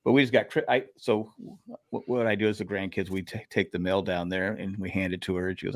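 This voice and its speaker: A man's voice: on the low side, brisk. An older man, a podcast co-host, telling rambling stories in casual chat, swearing and putting on voices for the people in them. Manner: rambling storyteller who swears and acts out neighbors' voices.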